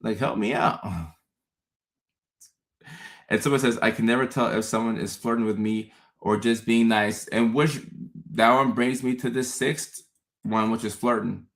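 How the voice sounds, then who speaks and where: A man hosting a casual livestream, talking to viewers in an animated way, often repeating words and acting out his own thoughts. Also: mid-range voice, normal speed. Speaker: host.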